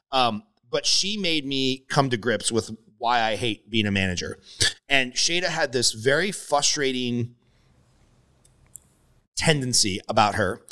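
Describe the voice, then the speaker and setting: Middle-aged guy on a podcast, bright voice, animated, cusses a lot. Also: medium pitch. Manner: animated, swears freely, voices others in stories. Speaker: podcast host, mortgage coach. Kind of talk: casual storytelling chat.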